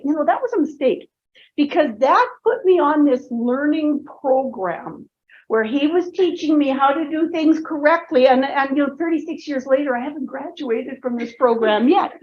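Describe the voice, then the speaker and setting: Lively high-voiced woman in her sixties telling stories. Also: normal speed. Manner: animated, humorous, asks the audience questions. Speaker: speaker presenting to students. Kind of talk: storytelling talk. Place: lecture hall. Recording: dull lo-fi recording.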